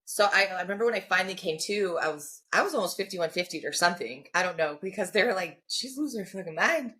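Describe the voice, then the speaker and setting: A woman's voice: lowish voice, fast, sharp tone. A woman guest on a podcast, candidly telling her personal story, often acting out what others said and peppering her speech with "like" and "you know.". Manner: frank, acts out quoted voices, frequent "like" and "you know".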